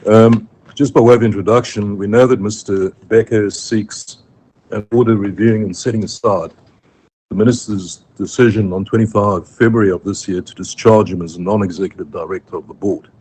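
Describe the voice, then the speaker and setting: A man with a South African accent, arguing formally before a judge in a courtroom, measured and careful, with frequent ums and self-corrections. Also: on the low side, steady tone, a little mellow, rough recording. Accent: South African English. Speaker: advocate addressing the court. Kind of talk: legal argument in court. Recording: faint room noise, live court stream.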